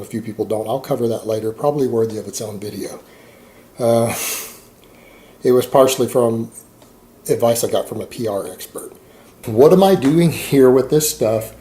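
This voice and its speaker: A man's voice: medium pitch, warm tone, a little hiss or hum. A man speaking to camera in a rambling, defensive monologue, sarcastic and full of fillers. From Texas. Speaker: fitness YouTuber.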